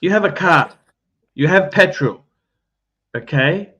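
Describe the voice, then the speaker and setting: A man's voice: fairly high pitch, animated, slow, bright, forceful tone, husky. A man hosting a livestream who gives blunt, bossy advice, swears often and restarts his sentences. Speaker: livestream host. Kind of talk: casual livestream chat.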